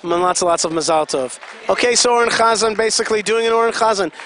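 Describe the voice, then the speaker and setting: A man's voice: high-pitched, quick pace, fairly bright tone. A man giving chatty live commentary at an event, explaining things and putting questions to the audience.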